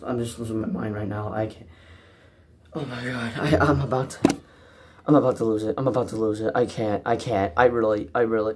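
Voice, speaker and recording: A young man vlogging as a movie fan, anxious and exasperated, repeating himself and swinging from low mutters to cries. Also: fairly bright tone. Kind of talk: frantic solo rant.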